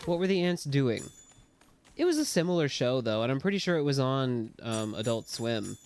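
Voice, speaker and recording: A man's voice: medium pitch, big pitch swings, moderate pace, darkish tone, slight background noise. Rambling, joking man streaming a game. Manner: rambling, joking, swears casually. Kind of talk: casual gameplay commentary.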